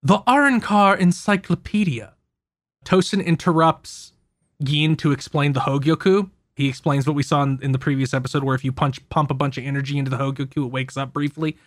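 A man hosting a podcast who casually recaps an anime, telling it in an animated, profane way. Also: a little high, brisk, no room sound, clean studio sound. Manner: animated, profane storytelling with frequent laughs. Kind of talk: casual chat.

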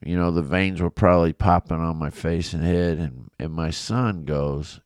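A man's voice: sits low, normal speed, a little mellow, no room sound. A middle-aged man, a pastor with a big coach's voice, telling a personal story in a devotional podcast, earnest and confessional with many restarts, recorded in his home office studio.

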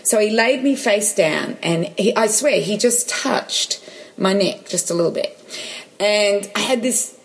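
A woman's voice: mid-range voice, animated, a little slow. A woman chatting and telling a personal story, full of restarts and quoted dialogue. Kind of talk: casual chat, personal story.

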